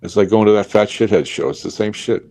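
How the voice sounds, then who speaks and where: A man's voice: fairly low pitch, fast talker, mellow. A man co-hosting a stream, teasing and talking bluntly and crudely. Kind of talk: casual chat.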